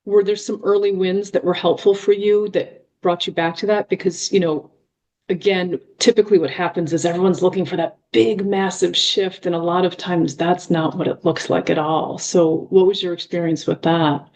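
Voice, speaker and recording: A woman with a fairly low voice hosting an interview. She asks questions and responds with encouraging affirmations. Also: steady tone, moderate pace, darkish tone, rough recording. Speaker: host and chiropractor.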